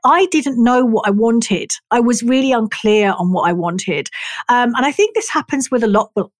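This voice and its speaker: A middle-aged Englishwoman talks about her own life as a therapist would, frank and expressive, swearing without a second thought. Her voice sits at an ordinary pitch for a woman. The recording is close and dry, with no room sound. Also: no echo. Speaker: talk therapist and body worker. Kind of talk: personal storytelling.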